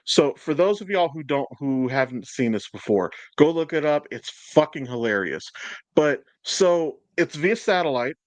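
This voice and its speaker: A man's voice: on the high side, expressive, moderate pace, dry recording. A man hosting a podcast in casual chat, swearing a lot, rambling and laughing often. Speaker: podcast host.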